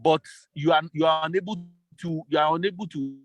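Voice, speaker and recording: A man's voice: on the high side, brisk, highs cut off. A man, a business consultant, answering interview questions over a remote call, laying out his points step by step. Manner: methodical, lays out scenarios step by step.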